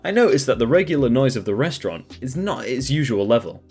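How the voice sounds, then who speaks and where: A man narrates a first-person story with an animated, rising and falling delivery. His pitch sits mid-range for a man. Faint music runs under the reading. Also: fast, slightly rough.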